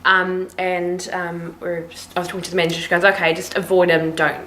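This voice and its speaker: A woman's voice: on the low side, quick pace, roomy sound, a little hiss or hum, poor audio. A young woman from New Zealand with a New Zealand accent, chatting casually as a flight attendant co-host and acting out the voices in her stories. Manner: animated storyteller acting out dialogue. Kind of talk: casual chat, storytelling.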